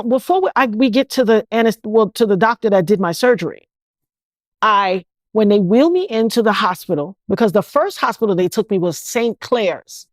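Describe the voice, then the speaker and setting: A woman tells her own story as an interview guest, speaking emphatically and often restarting mid-thought. Her voice sits somewhat high. The recording is dry and close, with no room echo. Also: darkish tone. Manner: emphatic, with many restarts and acted-out quotes. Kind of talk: emotional personal storytelling.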